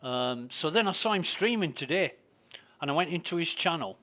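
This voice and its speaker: A man's voice: a little high, lively intonation, normal speed, a bit bright. A man ranting casually and with lots of profanity while he plays a game and talks to his stream. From Britain. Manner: profane, indignant, rambling.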